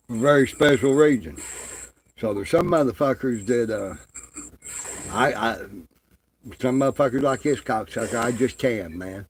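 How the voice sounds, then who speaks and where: A man ranting in crude, profane, mocking commentary, drawling with lots of fillers. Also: mid-range voice. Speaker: online commentator.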